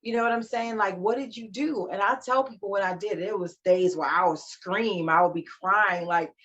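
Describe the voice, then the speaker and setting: A woman in her forties, a life coach, talking about her life as a podcast guest, animated and emphatic. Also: medium pitch, moderate pace, hardly any pauses. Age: 40s. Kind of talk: casual interview chat. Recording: slightly dull lo-fi sound.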